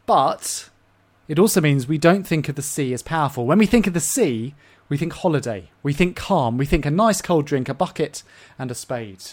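Expressive English preacher delivering a sermon. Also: male voice, fairly high pitch, normal speed. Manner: expressive, swings between loud emphasis and hushed asides.

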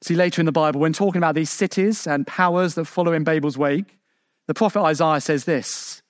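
A man delivers a sermon in a high voice with a dry, close sound. He is emphatic, asking his listeners rhetorical questions, and leaps up and down in pitch to drive his points home. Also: brisk, dry recording. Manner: shifts pitch sharply for emphasis. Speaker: preacher.

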